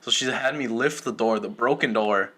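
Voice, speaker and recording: A young man co-hosting a podcast in casual chat, talking haltingly and repeating words. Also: mid-range voice, fairly bright tone, slightly rough. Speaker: podcast co-host.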